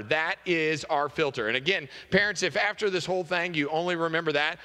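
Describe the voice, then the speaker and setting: Bright-voiced pastor preaching in a hall. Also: male voice, a little high, brisk, few pauses. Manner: earnest, repeats key phrases. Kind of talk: sermon. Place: church sanctuary. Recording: long reverb of a large hall.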